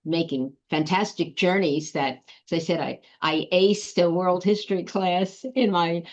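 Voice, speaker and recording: A woman with a very deep voice, talking reflectively and pausing often as she recalls things. The sound is dull and lo-fi. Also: fairly even intonation. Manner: reflective, with filler ums. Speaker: guest. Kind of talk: casual conversation.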